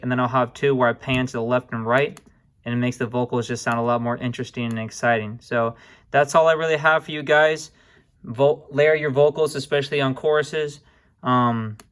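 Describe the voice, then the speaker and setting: A young man casually walking viewers through music production software, relaxed and informal, often calling them guys and apologizing for small slips. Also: medium pitch. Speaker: music production tutorial host. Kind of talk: casual screen-recorded tutorial.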